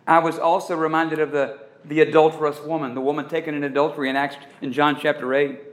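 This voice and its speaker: A man preaching a sermon who leans on dramatic pauses and draws out key words for emphasis. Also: a little high, fairly bright tone, echoey room. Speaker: pastor.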